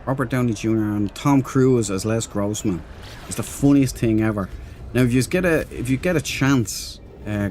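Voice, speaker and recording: Low-voiced man chatting on a game stream. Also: darkish tone. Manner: rambling, chatty, reads and answers chat; laughs easily. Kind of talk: casual live-stream chat.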